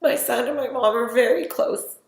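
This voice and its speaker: A woman's voice: on the high side, moderate pace. Middle-aged woman telling her story, roomy. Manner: emotional, retells events with quoted dialogue. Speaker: testimony speaker. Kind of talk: personal testimony storytelling.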